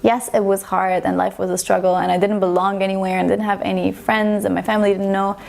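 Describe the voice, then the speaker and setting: A woman's voice: mid-range voice, little pitch movement, fast talker, vocal fry, a little mellow. A woman in her thirties from Estonia tells her personal story in a casual, emotional way, acting out the dialogue she quotes. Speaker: convert telling her story.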